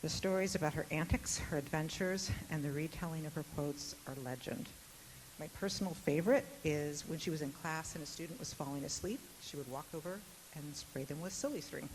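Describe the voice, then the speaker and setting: A woman's voice: deep voice, brisk, darkish tone. A woman moderating a university panel, speaking in a witty, chatty way with some fillers. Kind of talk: public talk. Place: lecture hall. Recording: noisy hall recording with hiss.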